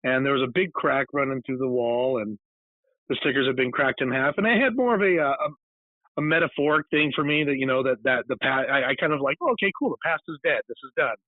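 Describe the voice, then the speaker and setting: A man's voice: medium pitch, a little fast, dry recording. A man from California, a guest author and paranormal investigator, telling a long rambling story in a casual interview. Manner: rambling, digressive storytelling with many restarts. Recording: tinny phone-like line, dry.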